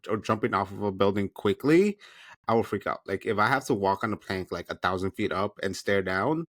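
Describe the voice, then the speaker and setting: A man co-hosting a podcast, reacting expressively and chattily to a reality TV episode. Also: on the low side. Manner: expressive, chatty, quick asides. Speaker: podcast co-host. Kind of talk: casual TV recap chat.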